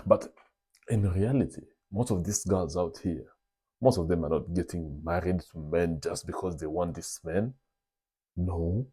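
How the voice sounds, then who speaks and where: A man's voice: low-pitched, mellow, husky. A young man hosting his own show, telling stories in a casual, confiding way and calling his listeners brothers. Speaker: vlog host. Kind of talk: casual storytelling monologue.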